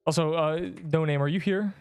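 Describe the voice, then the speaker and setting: A young man streams a video game and chats casually with his viewers, rambling and slangy as he talks to chat while playing. His voice is on the high side, clear and resonant, at a moderate pace. The studio-quality audio has no echo and soft background music.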